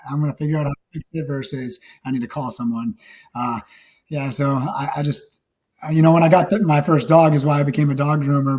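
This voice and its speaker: A man from Wisconsin with a low, slightly raspy voice, chatting casually as an interview guest and rambling through many restarts. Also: darkish tone. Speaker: guest actor and nurse.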